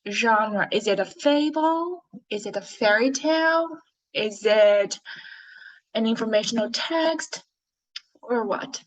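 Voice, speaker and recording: A woman teaching an online English class, with a Chinese accent. She speaks slowly and clearly and keeps asking her pupils questions. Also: a little high. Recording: dull lo-fi audio.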